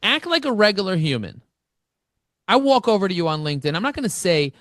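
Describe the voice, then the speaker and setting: A man speaking as an interview guest, telling energetic stories and acting out both sides of conversations. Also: high voice, fast talker, no echo, clean studio sound. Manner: animated, acts out dialogue with shifting voices. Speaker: podcast guest, marketing expert.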